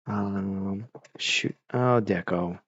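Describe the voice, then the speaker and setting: A man's voice: low-pitched, very slow, a bit bright, breathy edge, no echo, dull audio. A man chatting casually with viewers on a live stream, rambling and laid-back. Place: home, evening stream.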